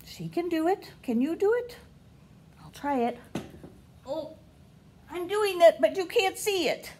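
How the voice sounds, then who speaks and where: Slow, sing-song woman teacher reading aloud. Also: animated, a little mellow, slight background noise. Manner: slow, sing-song, with big pitch swings on questions. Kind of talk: reading picture books aloud to children.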